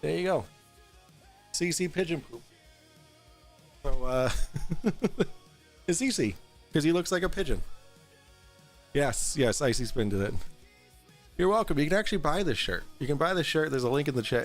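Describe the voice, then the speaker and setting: A man's voice: a little high, expressive, moderate pace, long pauses, faint music behind. A man hosting a casual livestream talk show, rambling and swearing as he reads and answers chat while drinking on air.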